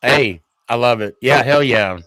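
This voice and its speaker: A man's voice: mid-range voice, a little slow, no echo. Laid-back man hosting a podcast. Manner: laid-back, slangy, thanks guests warmly. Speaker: podcast host. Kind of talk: casual call-in chat.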